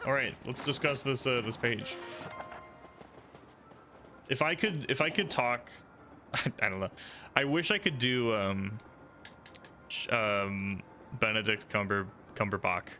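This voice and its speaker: A man's voice: medium pitch, slow pace, long pauses, bright, forceful tone. A man streaming a video game, chatting casually in a giggly, rambling, self-deprecating way. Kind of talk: casual gameplay commentary. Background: game music.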